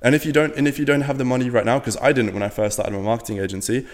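A man's voice: mid-range voice, steady tone, racing, in a large hall. A man in his twenties from Latvia, a podcast guest talking bluntly and casually, with lots of fillers and swearing. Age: 20s. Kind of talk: casual interview talk.

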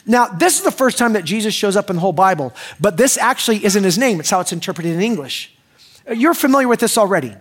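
High-voiced joking male pastor. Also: expressive, fast talker. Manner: joking, conversational, asks the crowd questions. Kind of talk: sermon.

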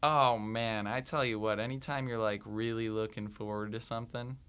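A male singer hosting a casual chat, jokey and excitable, often saying dude and man. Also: on the low side, moderate pace, smooth. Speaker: host.

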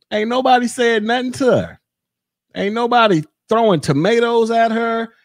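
This is a man hosting a commentary podcast, talking straight to his listeners. His voice sits somewhat high and moves up and down a lot. The sarcasm is heavy, and the sound is close and dry, with no room around it. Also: dry recording. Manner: sarcastic, animated, addresses listeners as y'all. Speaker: podcast host.

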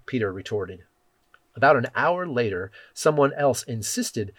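A man reading scripture aloud and leading a prayer in a measured, solemn way, letting phrases fall softly at their ends. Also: mid-range voice, expressive, no echo. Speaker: scripture reader. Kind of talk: devotional Bible reading and prayer.

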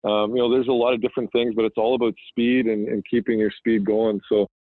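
A man's voice: fairly low pitch, fast, no echo. A man in his thirties, a hockey player guest, talking casually with lots of fillers and restarts. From Manitoba, Canada. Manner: relaxed, rambling, frequent fillers and restarts. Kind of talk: casual phone interview. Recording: dry, tinny phone line.

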